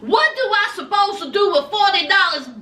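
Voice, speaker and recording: A woman's voice: very high voice, big pitch swings, moderate pace, sharp tone, echoey room, full character voice. A woman voicing a rude, demanding young woman in a casual video recap. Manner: blunt, demanding.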